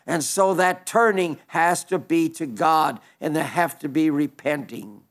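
A male pastor preaches with fervent, rhythmic repetition, building his points line by line. His voice sits slightly high and carries a gravelly rasp. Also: measured pace, hardly any pauses. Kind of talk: sermon.

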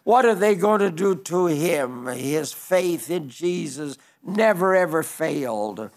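A man with a notably high voice delivers a sermon. He speaks earnestly, piling up rhetorical questions to drive his message home. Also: lively intonation, takes it slowly. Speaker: preacher.

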